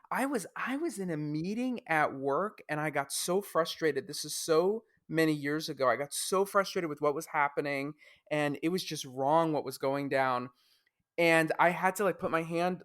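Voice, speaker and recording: Podcast host guy, bit high voice, tells stories all animated, does the voices of people he quotes. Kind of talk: conversational storytelling.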